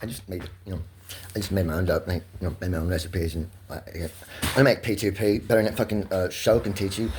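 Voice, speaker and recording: A man in his twenties talking in a rambling, pressured rush, swerving between laughter, near tears and shouting, loud and swearing often. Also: deep voice, fast talker, a little hiss or hum. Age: 20s. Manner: loud and expressive, heavy swearing. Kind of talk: emotional monologue to camera.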